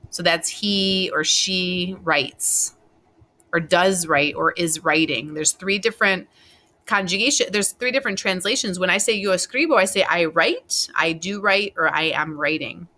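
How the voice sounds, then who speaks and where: In a recorded Spanish lesson, a female teacher speaks unhurriedly in a lowish, sharp-toned voice. She walks patiently through verb endings one step at a time and spells each out letter by letter.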